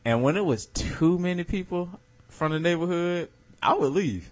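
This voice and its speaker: A man talking in a relaxed, laid-back way during a casual chat. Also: sits high, moderate pace.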